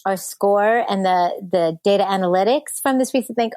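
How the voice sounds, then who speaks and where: A woman's voice: mid-range voice, moderate pace, darkish tone, smooth, no echo. A woman guest on an interview podcast, earnestly explaining her work and laughing easily. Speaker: guest, speech app founder. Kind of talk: conversational interview.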